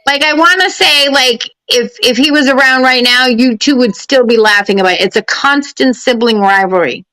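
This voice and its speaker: Chatty higher-voiced woman medium. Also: normal speed, sharp tone, no room sound, rough recording. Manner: chatty, laughing, talks to her pets. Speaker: psychic medium. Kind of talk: live reading stream. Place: home during a power outage.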